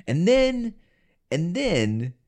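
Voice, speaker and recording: A man's voice: high voice, sing-song, very slow, darkish tone. A man in casual film talk, hesitant with many fillers and restarts, blunt and profane.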